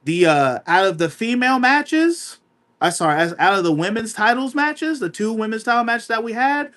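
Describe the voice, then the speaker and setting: A man co-hosting a casual podcast, with a high voice that leaps up and down as he makes his points. He talks emphatically, circling back to repeat himself and filling gaps with stalled "uh"s. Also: moderate pace. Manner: animated, emphatic, repeats himself with many fillers. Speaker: podcast co-host. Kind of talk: casual wrestling podcast chat.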